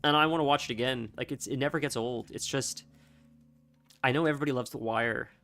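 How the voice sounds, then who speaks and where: A man's voice: mid-range voice, brisk, a bit bright, soft background music. A man streaming a game and chatting casually with his viewers, rambling along with lots of filler words and restarts. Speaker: gaming livestreamer. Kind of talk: casual chat with live viewers.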